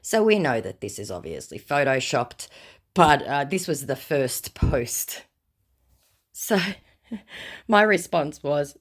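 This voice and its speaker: A woman's voice: low-pitched, very animated, takes it slowly, long pauses. An Australian woman telling a funny story about baiting scammers in a sarcastic, mocking way. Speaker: online content creator. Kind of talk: comic storytelling.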